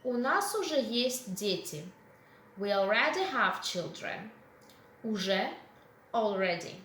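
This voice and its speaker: A woman's voice: medium pitch, big pitch swings, slow pace, fairly bright tone. A woman, teaching a language lesson and patiently explaining each phrase. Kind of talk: walkthrough lesson commentary. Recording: echoey room with faint hiss.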